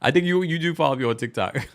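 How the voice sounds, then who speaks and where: A man hosting a live call-in show, playful and quick with asides. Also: on the high side. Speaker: host.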